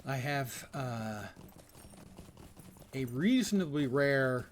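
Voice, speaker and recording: An older man streaming a game, chatting casually and rambling with frequent filler pauses. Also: medium pitch, expressive, a little hiss or hum. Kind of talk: casual gaming commentary.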